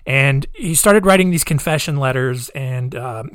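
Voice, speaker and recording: A man's voice: medium pitch, moderate pace, dry recording. A man casually retelling a true-crime story, hesitant and wry, with many restarts. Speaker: podcast storyteller.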